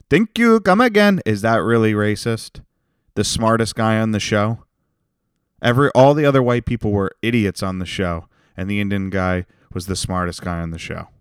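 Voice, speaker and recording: A man's voice: lowish voice, clear, resonant tone, no echo, studio quality. Profane rambling male podcast host. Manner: rambling, profane, jokey with sudden loud bits. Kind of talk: solo comedic rant.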